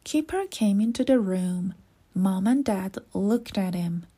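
A woman reads a children's picture book aloud at a very unhurried pace. Her voice is soft and breathy, gentle and clearly paced, and she gives the characters only light voices. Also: medium pitch, lively intonation. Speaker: storybook reader. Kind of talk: children's storybook read-aloud.

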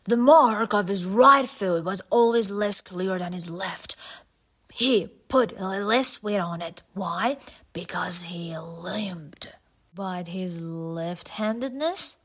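A woman voicing a shrewd male detective who explains his deductions in a measured, slow way, in a storybook reading. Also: medium pitch, fairly bright tone, husky. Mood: explaining.

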